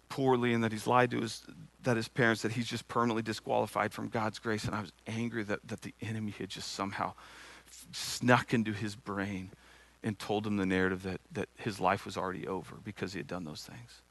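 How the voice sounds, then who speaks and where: A man's voice: on the low side, a bit bright, dry recording. A middle-aged man giving an earnest sermon testimony from the pulpit, telling a personal story with frequent repeated words. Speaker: church speaker.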